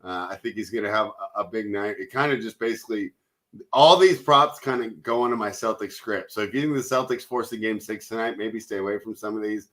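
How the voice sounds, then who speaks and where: Bright-voiced man hosting a betting show. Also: fairly low pitch, a little fast, low-quality recording. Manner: joking, self-described hater. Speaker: host. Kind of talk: casual sports betting chat.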